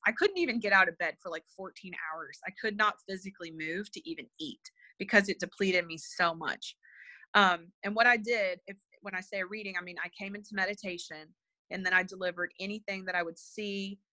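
Woman interview guest, sincere storyteller, hesitant and filler-heavy, sharp bright tone, dry recording. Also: medium pitch, no echo. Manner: hesitant, full of fillers and restarts; earnest and emotional. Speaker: interview guest, spiritual medium. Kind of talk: personal storytelling in conversation.

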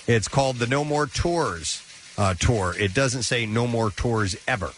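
A man's voice: mid-range voice, a little hiss or hum. Man casually reading entertainment news. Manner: brisk newsreader delivery with filler "uh"s. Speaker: radio show host reading entertainment news. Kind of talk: morning radio news read with casual asides.

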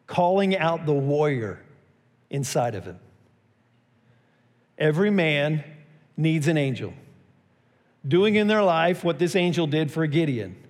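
A man's voice: fairly high pitch, big-room sound. A man preaching a sermon as pastor, telling a story and acting out its quotes with a raised voice.

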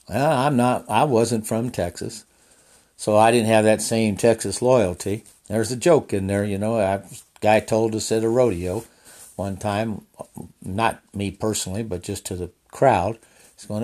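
A man's voice: lowish voice, normal speed, a little mellow. A man casually telling a personal story in a folksy, rambling way with restarts and asides.

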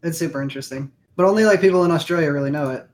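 A man's voice: fairly high pitch, rapid-fire, darkish tone. A man co-hosting a casual podcast in a laid-back, slangy way, teasing the others. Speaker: podcast co-host. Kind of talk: casual chat. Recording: noticeable background hiss.

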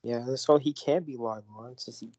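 A man's voice: mid-range voice, steady tone, moderate pace, a little mellow, poor audio. A young man co-hosting a casual podcast chat, joking around in slang and losing his train of thought. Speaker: podcast co-host.

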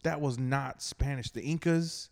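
A man's voice: mid-range voice, a little slow, gravelly. A man chatting as a podcast guest, loose and slangy, tossing in "bro" and curse words. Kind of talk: casual chat.

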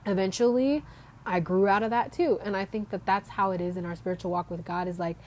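A woman's voice: mid-range voice, a little fast, darkish tone. Chatty young woman sharing faith story. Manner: chatty, frequent "like" fillers, laughs between thoughts. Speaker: faith vlogger. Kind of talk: casual faith testimony.

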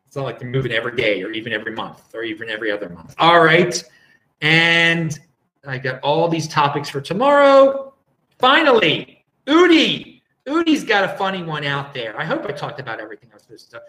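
A man hosts a casual livestream, reading viewer comments and rambling, often chuckling and cutting himself off mid-sentence. His voice is fairly high and a bit bright, with roomy, poor-quality audio.

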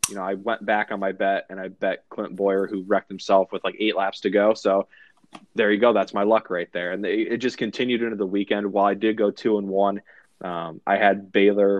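A man's voice: lowish voice, level tone, fairly quick, highs cut off. A man co-hosting a sports betting podcast, rambling through his picks with self-mocking humor. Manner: chatty, rambling betting recap with self-mocking luck talk. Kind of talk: casual podcast chat.

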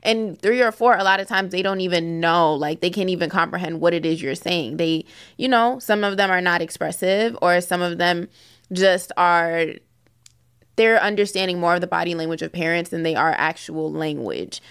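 A woman tells a story in relaxed podcast chat. Her voice is low, gravelly and smooth, and she acts out the lines of the people in it. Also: normal speed. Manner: storytelling, animated quoting of others. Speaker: podcast co-host. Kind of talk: casual chat.

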